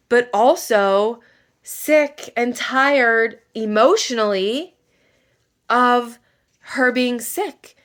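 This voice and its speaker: A woman's voice: fairly high pitch, a bit bright. Woman, casual book vlog, emotional, rambling, fillers, makeup chat. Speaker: book vlogger. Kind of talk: casual book review while doing makeup.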